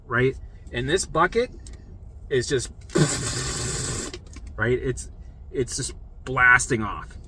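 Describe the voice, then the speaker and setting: A man telling his own story in a casual, animated monologue, acting out what others said, swearing freely and often checking in with "right?". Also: mid-range voice, a little hiss or hum, poor audio. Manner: animated, acts out quoted voices, swears freely; frequent "right?" check-ins to listener. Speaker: vlogger sharing recovery story.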